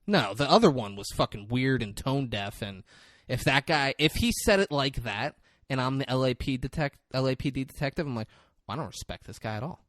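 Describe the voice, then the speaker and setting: A man's voice: mid-range voice, animated, a little fast, fairly bright tone, dry recording, clean studio sound. A man co-hosting a podcast, casually retelling a film scene and acting out the characters' lines. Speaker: podcast co-host. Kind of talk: casual movie recap chat.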